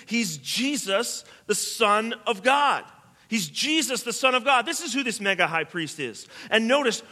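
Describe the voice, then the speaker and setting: A man preaching a sermon as pastor, emphatic, swinging between soft and loud. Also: sits high, big-room sound.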